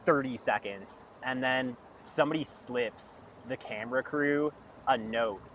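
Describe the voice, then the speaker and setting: A young man tells a long story in loose, casual chat, packing his sentences with "like". His voice sits at an ordinary middle pitch. Faint traffic noise hums behind him. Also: measured pace, fairly bright tone. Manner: rambling storyteller, heavy use of "like". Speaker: podcast guest.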